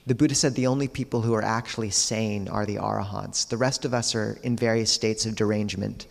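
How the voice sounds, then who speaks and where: A man, a Buddhist monk, giving a dharma talk, telling teaching stories in a calm, measured way with quiet pauses. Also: lowish voice, vocal fry, big-room sound.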